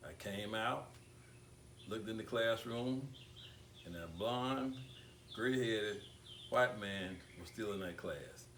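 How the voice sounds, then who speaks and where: An older man giving a tribute speech at an awards ceremony, talking deliberately with repeated words and long pauses. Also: lowish voice, fairly bright tone, slight background noise. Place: banquet hall. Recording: echoey room picked up from far off.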